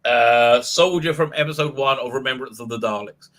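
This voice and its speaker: A man's voice: medium pitch, normal speed, fairly bright tone. A man giving a casual, sarcastic episode recap and review, ranting animatedly and laughing often. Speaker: video reviewer.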